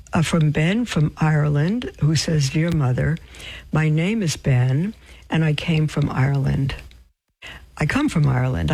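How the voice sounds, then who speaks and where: A woman, a nun, reads viewer letters aloud and answers them with gentle, deliberate spiritual advice, pausing often. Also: sits low, vocal fry, husky, no echo, poor audio. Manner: gentle, deliberate, with many pauses and fillers.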